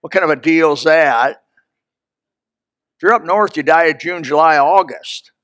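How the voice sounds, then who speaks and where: A man preaching a sermon, telling folksy stories with sudden loud emphatic peaks. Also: on the high side, moderate pace, no room sound, studio quality. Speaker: pastor.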